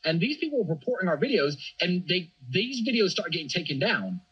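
A man's voice: high-pitched, very animated, a little fast, slightly rough, lo-fi sound. A man speaking emphatically as a podcast guest, often repeating words as he restarts. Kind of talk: animated conversational monologue.

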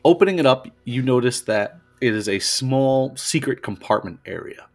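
A man's voice: mid-range voice, expressive, normal speed, creaky, faint music behind. A man narrating as game master, describing scenes and asking players what they do.

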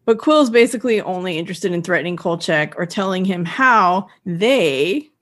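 A woman co-hosting a podcast, narrating a TV episode's plot steadily with wry comments and quick laughs. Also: fairly low pitch, expressive, fairly bright tone. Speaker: podcast co-host. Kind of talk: casual chat recapping a TV episode.

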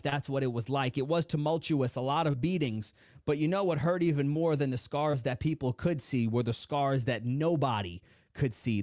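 A man guest on a podcast telling an emotional personal story, earnest and slowing down for emphasis. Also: medium pitch, darkish tone, no room sound, clean studio sound.

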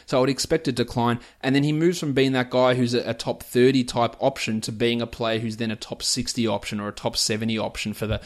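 A man's voice: mid-range voice, steady tone, quick pace, hardly any pauses. Chatty man rattling off sports stats. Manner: rattles off player stats and prices in a chatty, opinionated way. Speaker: fantasy basketball podcast host. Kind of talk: casual podcast analysis.

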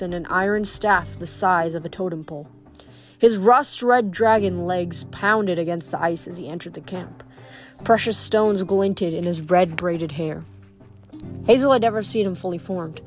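A woman reading a novel aloud, steady with small slips. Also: fairly low pitch. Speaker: reader. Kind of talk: audiobook reading.

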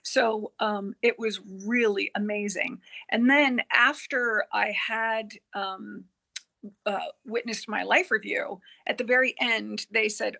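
A woman guest on a podcast telling a personal experience, earnest and halting, with many fillers and quoted dialogue. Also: mid-range voice, gravelly. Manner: earnest, halting, with frequent fillers and self-corrections; quotes herself and others in lively dialogue.

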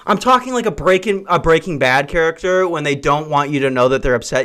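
A man's voice: a little high, animated, brisk, a bit bright. Profane ranting man podcasting at home. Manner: crude, profane, ranting and self-mocking. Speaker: podcast host. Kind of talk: solo comedic podcast rant. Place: hot brick house.

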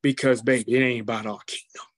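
A male chaplain tells a testimony with lively, preacherly energy, stopping to act out each quote. His pitch sits in the middle range. The sound is dry and close, with no room echo. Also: quick pace. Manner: animated, acts out quotes, preacherly asides. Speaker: football team chaplain. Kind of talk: testimony storytelling.

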